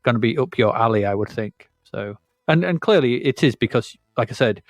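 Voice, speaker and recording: On a dry recording, a podcast co-host with a medium-pitched voice speaks fairly quickly and with animation. His casual chat about retro video games wanders, stays chatty, and is peppered with self-corrections.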